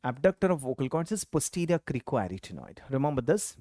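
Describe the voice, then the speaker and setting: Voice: medium pitch, sing-song, brisk, warm tone, no echo, clean studio sound. A teacher giving an exam-prep anatomy lecture, asking the class questions, answering them, and repeating key terms. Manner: quizzes students with questions and answers them himself.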